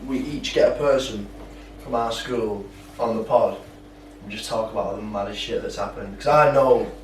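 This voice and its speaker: A man's voice: lowish voice, moderate pace. A young man, co-hosting a podcast and telling stories in heavy slang and swearing. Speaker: podcast co-host. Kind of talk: casual chat. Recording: roomy, distant mic, faint background hum.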